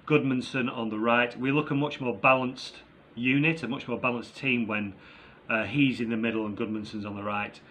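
A man's voice: medium pitch, steady tone, normal speed, pushed and bright, slight background noise. A man co-hosting a casual football chat, reviewing a match in an upbeat, chatty way with plenty of fillers. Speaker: football podcast co-host.

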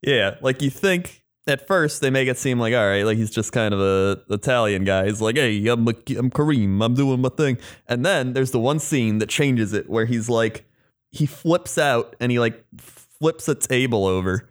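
A man's voice: mid-range voice, expressive, moderate pace. A man co-hosting a podcast in laid-back casual chat, agreeable and easygoing. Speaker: podcast co-host.

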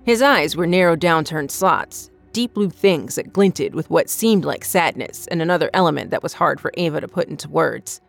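A woman narrating a scripted horror story in a measured, even storytelling voice. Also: deep voice, creaky, soft background music.

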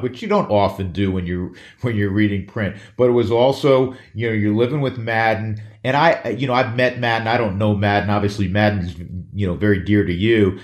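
A man from New York hosting a podcast interview, asking loose, effusive questions. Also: fairly low pitch. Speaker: podcast host. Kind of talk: casual interview.

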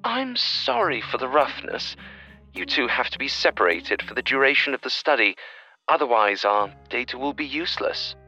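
A man's voice: mid-range voice, animated, moderate pace, dull audio, faint music behind, natural voice. A man voicing an eccentric, cheerful woman researcher in a scripted audio drama, sounding eager and matter-of-fact. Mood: apologetic.

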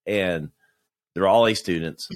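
A man who is a podcast guest, talking in a reflective, halting way with many restarts. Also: low voice, dry recording. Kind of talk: casual conversation.

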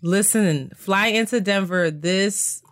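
A woman co-hosting a casual chat, telling a story with lively acted-out quotes. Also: medium pitch, slow pace. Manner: animated storyteller, acts out quotes. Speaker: podcast co-host.

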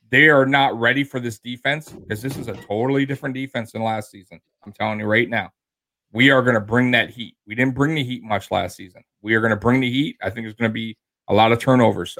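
A man's voice: medium pitch, fairly bright tone. A man co-hosting a casual sports talk show, starting hesitant but turning confident and emphatic. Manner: hesitant fillers, then fired-up and confident. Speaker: co-host.

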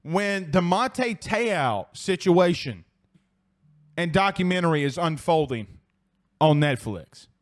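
A man's voice: fairly high pitch, expressive, slow. A man from South Louisiana with an accent from there, hosting a sports talk show and ranting in a heated, profane way while reading live comments.

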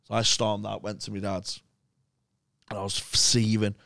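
A man's voice: fairly low pitch, moderate pace, gravelly, no echo, clean studio sound. A young English man, a podcast guest, telling rambling, swear-filled stories in casual chat. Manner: swears a lot, rambling animated anecdotes.

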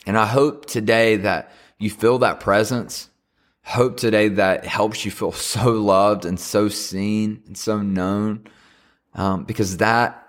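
A young man hosting a podcast, giving an earnest Christmas devotional and ending in prayer, speaking haltingly with many restarts. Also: deep voice. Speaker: podcast host.

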